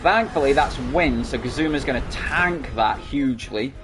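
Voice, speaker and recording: An Australian man with a Sydney accent commentating a video game, excitable and shouting at the battles. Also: medium pitch, moderate pace, music in the background. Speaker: gaming channel host. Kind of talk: let's play commentary.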